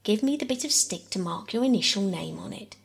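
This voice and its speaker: A woman reading aloud, voicing a sensible, peacemaking older girl in a calm, tactful way. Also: mid-range voice, a little fast, gravelly.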